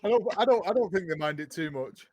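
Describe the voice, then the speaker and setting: A man's voice: sits high, lively intonation, a little fast, a little mellow, highs cut off. Easygoing man chatting as a guest. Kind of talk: casual chat.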